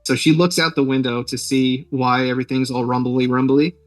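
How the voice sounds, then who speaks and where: A man's voice: mid-range voice, level tone, a little fast, no echo, far from the mic, soft background music, poor audio. A man hosting a podcast, retelling a film's plot in a rambling, joking way with lots of fillers. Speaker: podcast host. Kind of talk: casual movie recap.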